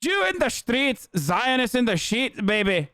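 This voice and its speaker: Man putting on a shrill, sing-song zealot woman, mocking, drawn-out, crisp dry sound. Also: very animated, sharp tone, dry recording, full character voice. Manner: drawn-out, mock-earnest delivery. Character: mocking impression of a fervent nationalist woman.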